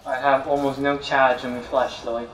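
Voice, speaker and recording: A man's voice: mid-range voice, flat delivery, normal speed, fairly bright tone, far from the mic, faint music behind. A man co-hosting a let's play, chatty and complaining about the game in a mock British accent. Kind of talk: casual gaming banter. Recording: roomy, off-mic.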